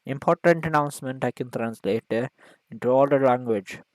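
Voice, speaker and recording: A man giving a mock lecture in a video, rambling and hesitant, full of fillers, deadpan, with broken grammar. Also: mid-range voice, brisk, no room sound, poor audio. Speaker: video maker.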